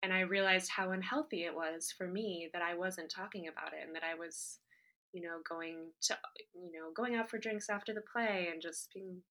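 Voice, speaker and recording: A woman's voice: fairly low pitch, fairly even intonation, moderate pace, sharp tone. A woman who hosts a podcast and acts, answering interview questions in an earnest, emotional way with many fillers and restarts. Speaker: podcast host and actor.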